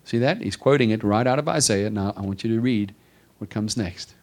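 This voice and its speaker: A male pastor preaching a sermon to his congregation, building with repeated emphatic phrases and dropping to quiet stresses. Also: on the low side, brisk. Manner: preaching with rising emphatic repetition.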